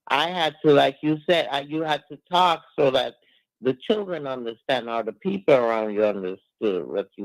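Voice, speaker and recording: A man's voice: medium pitch, creaky, no echo, rough recording. Reflective Jamaican man on a panel. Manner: reflective, stumbling on repeated words. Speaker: radio panelist, former teacher. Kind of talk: casual panel discussion.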